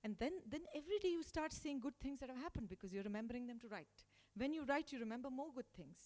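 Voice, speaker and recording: A woman's voice: high voice, fast. Emphatic woman speaking in a reverberant hall. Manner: emphatic, acts out quotes in lively voices. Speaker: guest speaker addressing school staff. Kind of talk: motivational talk. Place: school hall.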